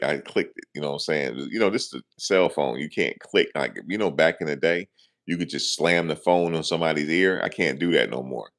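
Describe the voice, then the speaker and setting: A man with a very deep voice and a gravelly rasp talks to his camera in a loose, slangy way. He keeps dropping "you know what I'm saying" between his lines and tells the story casually, like he's venting to a friend. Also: fairly quick, a bit bright. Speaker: vlogger.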